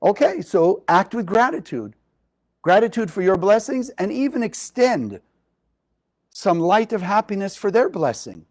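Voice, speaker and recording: High-voiced man teaching a spiritual lesson. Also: a little slow, poor audio. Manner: expressive, asks the listeners questions. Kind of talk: spiritual lesson to a live group.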